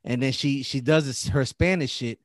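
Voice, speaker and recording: A tipsy man trading loose, swear-heavy banter as a podcast host. His voice sits at a middle pitch and is recorded very dry and close, with no room sound around it. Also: moderate pace, no room sound. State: tipsy from drinking. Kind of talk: casual chat.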